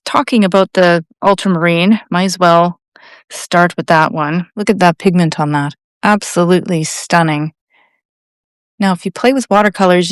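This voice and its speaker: A woman's voice: fairly low pitch, no room sound, studio quality. A middle-aged Canadian woman giving a real-time painting lesson, chatting and thinking aloud with enthusiasm. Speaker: art tutor.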